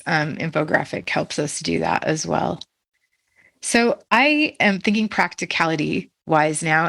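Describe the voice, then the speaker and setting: A woman's voice: on the low side, fairly bright tone, no room sound. A woman who is a literacy educator, talking in a casual podcast discussion in a thoughtful, questioning way with light laughs.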